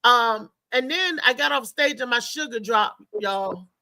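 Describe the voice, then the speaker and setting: A woman comedian telling comic stories in casual chat, animated and laughing, acting out the people in her stories. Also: fairly high pitch, unhurried, no room sound. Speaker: stand-up comedian guest.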